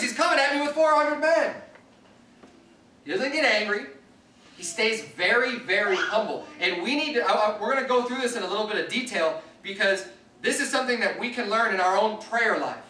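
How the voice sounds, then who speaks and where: A man preaching in a church, with a high, bright voice that moves between scripture reading and earnest explanation. The sound is echoey and comes from a distant mic across the sanctuary. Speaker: pastor. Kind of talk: sermon.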